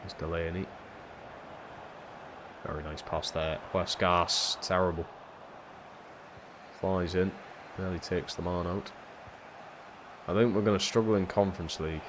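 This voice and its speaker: A low-voiced streamer mutters over his football video game during live commentary, with background noise present. He curses freely and goes from quiet muttering to yelling at key moments.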